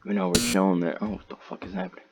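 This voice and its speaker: Deep-voiced teen guy rambling a story. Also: big pitch swings, rapid-fire, vocal fry, noisy background. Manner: rambling, slangy, quotes others in raised voices. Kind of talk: casual storytime.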